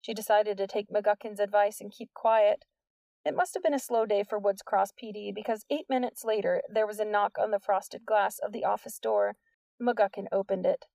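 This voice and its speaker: A woman narrating an audiobook in an even storytelling read. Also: mid-range voice, normal speed, vocal fry, dry recording, far from the mic.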